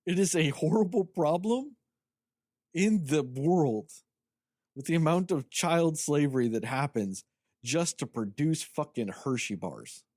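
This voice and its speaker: Here a co-host with a voice on the high side keeps a measured pace as he rants about a film, cursing and sarcastic in an animated, casual review conversation. The audio is studio quality with no room sound.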